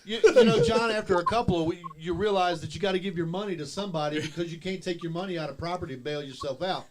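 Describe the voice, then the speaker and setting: A man's voice: sits high, fast, slight background noise. A man telling wrestling stories in a drawling, laughing casual chat. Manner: drawling, laughs often, trails off quietly. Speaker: former wrestler, podcast host.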